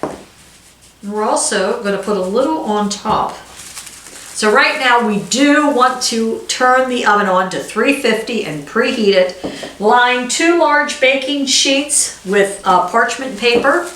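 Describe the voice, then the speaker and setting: A middle-aged woman speaks slowly in a fairly bright, animated, high-leaning voice as she hosts a home cooking video. She reads the recipe steps and chats casually, teasing herself along the way. The kitchen is echoey with clattering dishes, and slight background noise is present.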